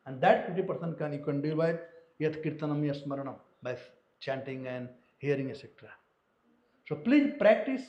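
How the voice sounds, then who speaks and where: A man with an Indian accent giving a devotional sermon as a visiting teacher, telling stories with humor. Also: fairly high pitch. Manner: animated storytelling with humor. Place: lecture room in a home. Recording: echoey room, dull lo-fi sound.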